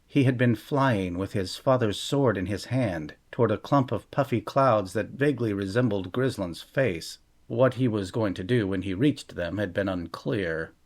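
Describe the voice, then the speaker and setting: A man narrating a fantasy novel chapter in a measured, steady storytelling voice. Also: lowish voice. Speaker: audiobook narrator. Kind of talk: scripted fantasy audiobook narration.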